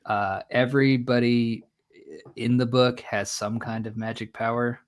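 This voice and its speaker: Relaxed man talking about a book. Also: mid-range voice, unhurried. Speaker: podcast guest. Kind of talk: casual chat.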